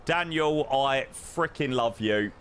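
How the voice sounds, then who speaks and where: A young man streaming a flight simulator, chatting with viewers in an excitable, talkative way. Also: mid-range voice, slow pace, a little hiss or hum. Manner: excitable, chatty, reacts loudly and greets viewers. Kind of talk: live-stream chat while playing a flight simulator.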